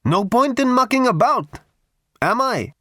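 A man voicing a newly created, oozing river creature that asks blunt, naive questions in a high, eager voice. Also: sing-song, measured pace, bright, forceful tone, no echo, studio quality, exaggerated voice. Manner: direct, breathless questioning.

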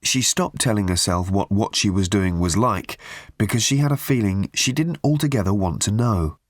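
A man narrating an audiobook in a measured, deliberate way with drawn-out pauses. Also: on the low side, no echo, clean studio sound. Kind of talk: scripted narration.

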